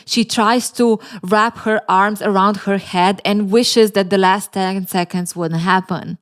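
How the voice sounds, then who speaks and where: A woman's voice: mid-range voice, a little slow, few pauses. Chatty woman retelling a novel with sarcastic asides. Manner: chatty, sarcastic asides, talks straight to viewers. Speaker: book commentary host. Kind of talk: narrating a novel's plot with personal commentary.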